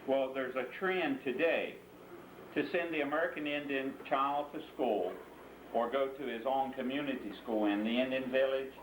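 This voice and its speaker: A man's voice: medium pitch, steady tone, moderate pace, slight background noise. A man patiently explaining customs and telling a story to a child, often asking the listener to join in. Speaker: interviewee and storyteller. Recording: echoey room, mic at a distance.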